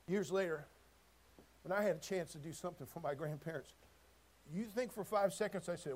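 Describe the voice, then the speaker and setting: A man preaching a sermon, folksy and direct, moving between quiet storytelling and loud shouted passages. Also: on the high side, brisk, pauses often. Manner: folksy, addresses listeners as friend and brother.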